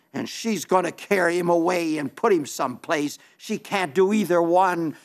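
A male preacher with a high-pitched voice delivers a sermon. He speaks earnestly and pleads with his listeners, stretching out key phrases slowly for emphasis. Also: fairly bright tone.

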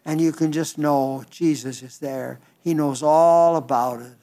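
An older man preaching an Easter sermon in a folksy, halting way, often restarting his words. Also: on the high side, steady tone, dark tone.

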